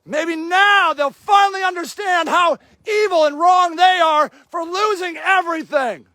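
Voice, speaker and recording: A man livestreaming from an outdoor camp in the snow, shouting angry and sarcastic reproaches at people in front of him while filming on his phone. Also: very high voice, a little slow, dry recording. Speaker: activist filming a camp sweep. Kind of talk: livestreamed street confrontation.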